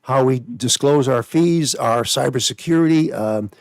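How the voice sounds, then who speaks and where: A man hosting a call-in radio show on money, talking fast and spelling things out for callers. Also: medium pitch, no room sound, studio quality. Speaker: radio show host, financial planner.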